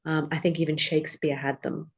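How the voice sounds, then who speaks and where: A woman from England, a podcast guest talking in a relaxed, reflective way. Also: low voice, a little fast, vocal fry, slightly rough, highs cut off. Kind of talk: casual interview chat.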